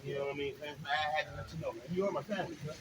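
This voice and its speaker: Quick-talking man, distant on a noisy street. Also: fairly high pitch, steady tone. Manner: quick, mumbled, friendly, calls people cuz. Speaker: passerby. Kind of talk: casual street talk.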